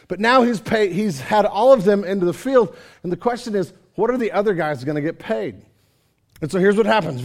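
A man preaching a sermon, telling a parable with animated storytelling and acting out the characters. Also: sits high. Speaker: pastor.

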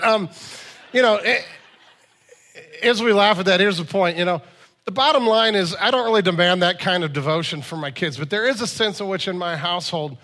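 A man's voice: high voice, fairly bright tone. A man in his forties preaching a sermon in a conversational, storytelling way, with emphatic asides. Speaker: pastor.

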